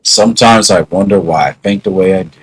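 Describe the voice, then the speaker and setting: A man's voice: sits low, brisk, husky, rough recording. A man musing in a casual vlog monologue, wry and half-joking. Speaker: vlogger.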